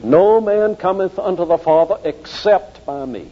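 Emphatic preacher in an echoing hall. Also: male voice, sits high, animated, a little slow. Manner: emphatic, repeats key phrases for stress. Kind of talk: sermon. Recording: dull old recording in a reverberant hall.

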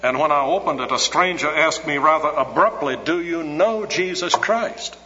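A preacher voicing a puzzled churchgoing housewife in a quiet, earnest way, in an echoey hall on a dull recording. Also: male voice, a little high, normal speed, voice pushed up.

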